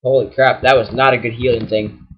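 A young man giving casual let's-play commentary, excitable and exasperated, yelling at enemies. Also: medium pitch, fairly quick, slightly rough, lo-fi sound. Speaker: gaming channel host.

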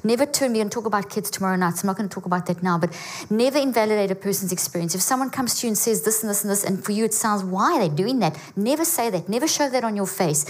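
A woman giving an energetic teaching talk to a church audience, often checking in with her listeners. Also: fairly high pitch, husky. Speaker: guest speaker. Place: church auditorium.

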